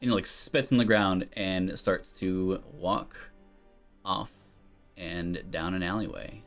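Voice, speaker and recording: A man narrating as game master of a tabletop game, loose and relaxed with frequent ums. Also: low-pitched, takes it slowly, soft background music.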